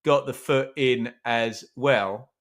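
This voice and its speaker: A man's voice: medium pitch, fairly even intonation, takes it slowly. A man hosting a live football watch-along, chatting casually, joking about himself and answering viewers' comments. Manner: chatty, self-mocking, reads chat aloud.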